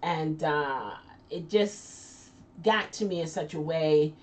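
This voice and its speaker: Low-voiced and slow, a woman hosts a casual live chat, reading out viewer comments in a chatty way with frequent laughs and trailing restarts. The distant lo-fi mic adds faint noise.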